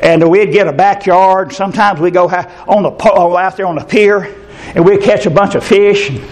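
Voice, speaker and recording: An older man preaching a fervent sermon, his voice leaping up into shouts at its peaks. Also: sits high, normal speed. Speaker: pastor.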